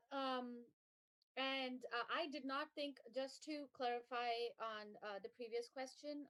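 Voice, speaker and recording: A woman moderating a live video call in a brisk, casual way, with frequent fillers. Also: a little high, a bit bright, poor audio.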